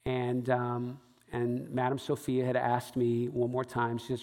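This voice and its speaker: A man's voice: medium pitch, flat delivery, moderate pace, a little mellow, long reverb tail. A man, a stage show producer, telling a rambling live anecdote to a crowd with many fillers and restarts.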